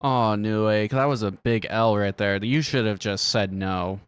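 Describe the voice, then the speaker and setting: A man's voice: lowish voice, fairly even intonation, a little slow, clear, resonant tone, no echo. A man reacting on a live stream with casual, profane commentary, ranting and laughing often.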